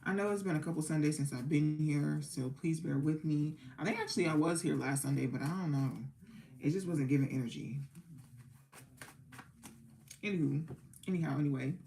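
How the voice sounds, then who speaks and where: A woman's voice: low-pitched, brisk, gravelly, pauses often, warm tone, poor audio. A young woman hosting a tarot livestream, chatting casually and sounding sleepy and a little worn out. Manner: chatty, loose, sings along to music between remarks. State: sleepy and exhausted. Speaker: tarot reader and livestream host.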